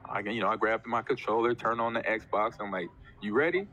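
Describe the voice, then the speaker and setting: A man in his forties, a former professional football player, chatting casually as a guest and telling animated stories with acted-out quotes. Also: fairly low pitch, brisk, lo-fi sound. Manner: animated storyteller, acts out quotes. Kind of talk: casual chat.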